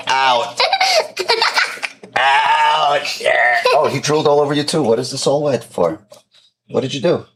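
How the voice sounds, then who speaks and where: A man's voice: mid-range voice, fairly quick, pauses often, noisy background. A man hosting a live stream from home, chatting casually, playful and teasing, swearing freely. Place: at home with kids and a dog.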